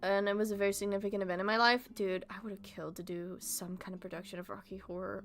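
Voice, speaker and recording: A woman's voice: medium pitch, flat delivery, fast, hardly any pauses, soft background music. A young adult woman streaming a casual chat, talking animatedly with heavy swearing and frequent laughter.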